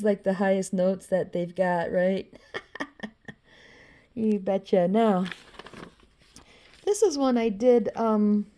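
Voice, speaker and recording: A woman's voice: mid-range voice, dark tone. A woman talking casually about her drawings in a loose, rambling way, swearing freely and dropping in "you know" often. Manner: loose and profane, with frequent "you know" and laughs. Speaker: vlogger showing her drawings.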